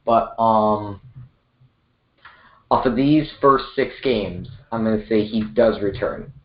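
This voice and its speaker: A man's voice: fairly low pitch, slow. A man co-hosting a casual sports podcast, joking around and often hesitating. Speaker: podcast co-host. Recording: roomy, dull lo-fi sound.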